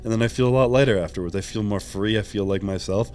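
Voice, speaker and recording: A man speaking candidly in an interview, retelling his conversations in a quick, open way. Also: lowish voice, darkish tone. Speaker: interviewed athlete.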